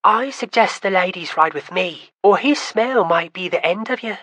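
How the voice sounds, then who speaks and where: A man voicing a sharp-tongued young woman in her twenties who teases her brother. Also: high voice, animated, moderate pace, no room sound, voice pushed up, exaggerated voice. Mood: teasing. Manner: teasing.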